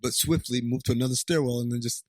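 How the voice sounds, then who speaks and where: A man's voice: mid-range voice, steady tone, quick pace, no room sound, studio quality. A man co-hosting a podcast, riffing sarcastically in rambling asides. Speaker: podcast co-host. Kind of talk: casual chat, sarcastic commentary.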